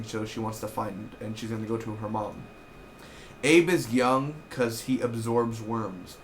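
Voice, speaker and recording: Rambling, excitable man reviewing TV. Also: mid-range voice, moderate pace, slight background noise. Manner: rambling, excitable, swears freely. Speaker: TV episode reviewer. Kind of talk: casual recap.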